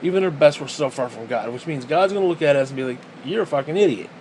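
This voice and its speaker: A man's voice: medium pitch, lively intonation, fast, a little mellow, slight background noise, poor audio. A man giving a heated, profane monologue as a vlogger, often repeating himself as he talks. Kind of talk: ranting monologue.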